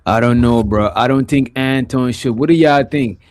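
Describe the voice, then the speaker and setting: A man's voice: medium pitch, normal speed, a little mellow, slight background noise. A man hosting a livestream, talking loosely with lots of filler phrases. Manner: loose, rambling, with frequent "you know what I'm saying". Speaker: livestream host. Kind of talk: casual livestream commentary.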